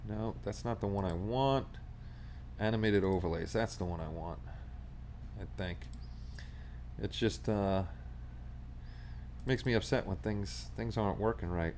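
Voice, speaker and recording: A man's voice: lowish voice, measured pace, long pauses, darkish tone, a little hiss or hum. A man with a New York accent hosting a casual livestream, chatting and rambling along with his viewers. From Astoria, Queens, New York. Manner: chatty, rambling, reads viewer comments aloud. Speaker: livestream host. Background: faint Christmas music.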